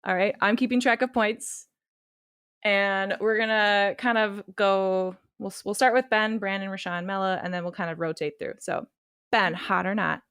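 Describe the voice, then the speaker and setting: A woman's voice: medium pitch, steady tone, normal speed, a bit bright, clear, resonant tone, no echo, studio quality. A woman with a Californian accent co-hosting a podcast, running a game in a playful, bossy way. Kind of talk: casual chat.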